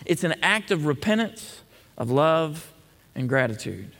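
A man's voice: on the high side, big pitch swings, measured pace, a bit bright. Man preaching a sermon in a reverberant church. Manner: conversational, frequent "okay?" check-ins. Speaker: pastor. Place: church sanctuary. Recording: long hall reverb.

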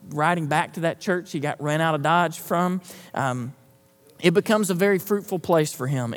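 A man preaching a sermon, talking conversationally, quizzing the congregation and repeating himself as he goes. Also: fairly high pitch. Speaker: pastor. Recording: echoey hall, long reverb.

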